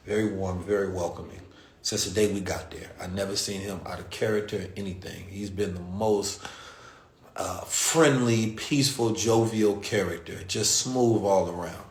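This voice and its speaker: A man's voice: fairly low pitch, moderate pace. Slangy American man telling a story. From United States. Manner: animated, slangy, acts out quoted voices. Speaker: podcast host. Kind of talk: casual storytelling. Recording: roomy echo.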